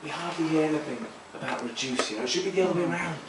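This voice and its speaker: Rambling stand-up comic in an echoey club. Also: male voice, a little high, racing. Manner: rambling, self-deprecating, deadpan delivery. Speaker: stand-up comedian. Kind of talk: stand-up comedy set. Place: small comedy club stage. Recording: echoey club, mic heard from far, noisy.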